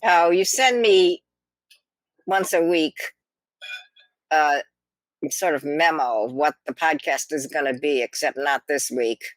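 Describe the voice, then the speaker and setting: A woman's voice: low voice, slow, long pauses, dry recording. An older woman co-hosting a podcast in casual chat, speaking with wry, dry humor on a computer mic. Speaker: podcast co-host. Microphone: computer microphone.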